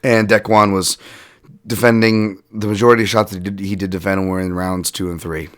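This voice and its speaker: A man hosting a solo podcast, breaking down fights in a casual, animated way, swearing and laughing as he rambles through asides. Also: sits low, fairly quick. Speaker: podcast host and fight analyst.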